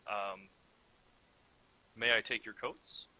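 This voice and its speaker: A formal older butler with a white mustache greets guests with stiff, halting courtesy, as a man puts him on. The voice is very bright and clear, with a polite, hesitant delivery. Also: on the low side, fairly even intonation, heavily acted, rough recording. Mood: courteous.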